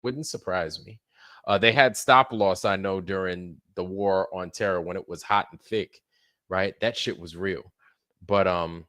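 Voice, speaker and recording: A man's voice: sits low, steady tone, a little slow, bright, forceful tone, no echo, studio quality. A man hosting a livestream in casual, rambling chat, swearing freely and laughing often. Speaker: livestream show host.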